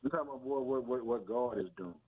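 Quick and husky, this mid-range male voice delivers a casual, folksy sermon full of repetition and frequent calls of "man" and "boy." It comes through as thin, phone-like radio sound.

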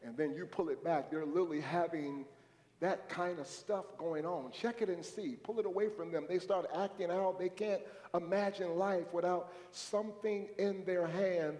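A man's voice: on the high side, darkish tone. A man preaching a sermon to a church congregation, talking conversationally and prompting the crowd to respond. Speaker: pastor. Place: church sanctuary. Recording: echoey hall reverb.

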